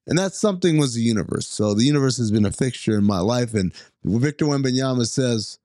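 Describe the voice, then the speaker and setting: A man's voice: fast, no echo. A male podcast co-host spins a casual story, jumping into character voices as he goes. His voice sits in a middle register and is recorded dry and close. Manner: animated storyteller, acts out dialogue in higher voices. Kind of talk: casual chat.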